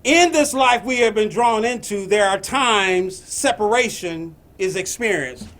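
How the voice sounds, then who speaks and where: A man giving a spiritual message, slow and emphatic, repeating his phrases. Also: high-pitched, expressive, a bit bright. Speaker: spiritual teacher.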